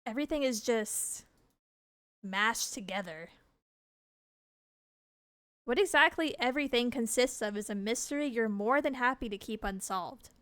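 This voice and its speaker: A woman's voice: on the high side, expressive, a little slow, long pauses, a bit bright, smooth, no room sound. A woman streamer reading a game's text aloud, laughing and reacting with disgust between lines.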